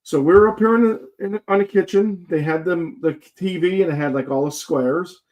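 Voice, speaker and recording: A man's voice: sits high, a little fast, highs cut off. Casual man, joking guest storyteller, rambling, filler-heavy chat. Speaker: guest paranormal investigator.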